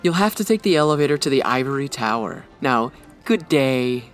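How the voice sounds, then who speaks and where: A woman's voice: a bass voice, expressive, moderate pace, faint music behind, voice pushed down. A woman voicing a curt, haughty male floorwalker in 1940s radio style. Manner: curt, impatient, dismissive.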